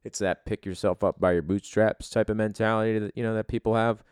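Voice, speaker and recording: A blunt man hosting a podcast casually and swearing freely. His voice is very deep. The sound is dry and close. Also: steady tone, a little fast, darkish tone, clean tone, no echo. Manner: blunt, profane opinions. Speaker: podcast host.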